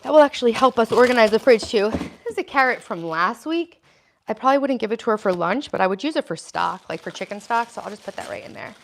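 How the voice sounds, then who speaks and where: A woman's voice: on the high side, expressive, quick pace, creaky, slight background noise. A woman hosting a casual livestream from her home kitchen, chatting and reading out viewer comments as she answers them. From United States. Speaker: livestream host.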